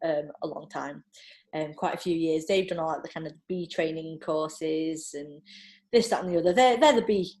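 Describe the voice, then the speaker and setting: A woman's voice: low voice, moderate pace. Chatty woman telling stories. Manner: chatty, animated storytelling with frequent laughs and filler. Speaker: podcast guest. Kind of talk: casual chat.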